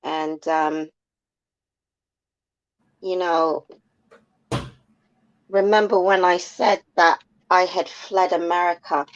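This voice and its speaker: Slow, measured woman from the UK. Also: lowish voice, fairly even intonation. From United Kingdom. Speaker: caller. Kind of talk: call-in on a livestream talk show. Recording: dull lo-fi call audio.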